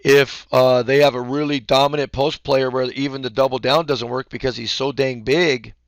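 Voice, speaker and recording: A man coaching basketball, explaining defense casually and acting out the calls he yells courtside. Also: medium pitch, steady tone, moderate pace, no echo, clean studio sound. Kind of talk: instructional talk.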